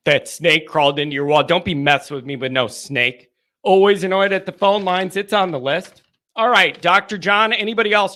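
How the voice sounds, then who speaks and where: A man hosts a live call-in show, rambling casually and breaking into animated rants. His voice sits high for a man, with a sharp, bright edge. He talks loosely and jumps between stories. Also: normal speed. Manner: animated, rambling, loud ranting bursts. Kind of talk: casual live-stream chat and storytelling.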